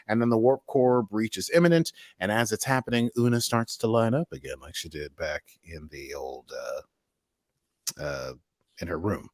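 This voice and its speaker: A man from the United States recaps a TV episode in a loose, rambling way, acting out fights with sound effects. His voice sits on the low side, and the sound is dry and close. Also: animated, normal speed, a bit bright, no room sound. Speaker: podcast host.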